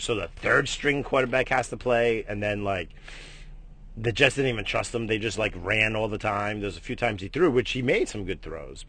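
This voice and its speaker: A man hosting a casual morning vlog, rambling and swearing, jumping between loud bursts and low mutters. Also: creaky, breathy edge. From United States. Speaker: morning stream host.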